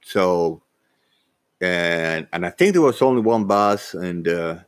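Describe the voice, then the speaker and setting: A man telling a personal story in a rambling, animated way, full of fillers and restarts. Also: low-pitched, slow, dry recording, clean studio sound.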